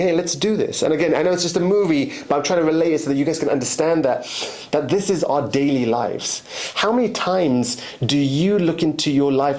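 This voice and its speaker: A man's voice: fairly high pitch, a little mellow. A man giving a motivational monologue as host, emphatic and repetitive, often restarting his sentences.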